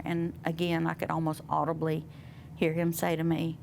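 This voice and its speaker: A woman guest sharing a personal testimony in conversation, soft and reflective, pausing often. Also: deep voice, monotone, gravelly, slight background noise. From Southern United States. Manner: soft, reflective, with many pauses and fillers. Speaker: interview guest.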